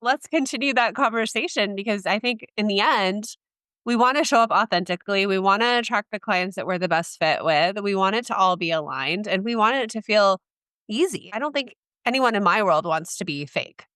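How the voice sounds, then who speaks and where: A woman's voice: mid-range voice, a little fast, no echo, clean studio sound. A woman hosting a podcast, chatting casually and easily with her guest. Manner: casual, relaxed, uses fillers. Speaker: podcast host. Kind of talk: conversational podcast interview.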